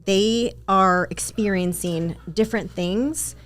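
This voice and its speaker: A woman's voice: medium pitch, slow, a bit bright. A woman talking casually as a podcast guest, upbeat and chatty, full of "like" and "um". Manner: chatty, upbeat, filler-heavy with "like" and "um". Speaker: podcast guest, business coach. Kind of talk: casual interview chat.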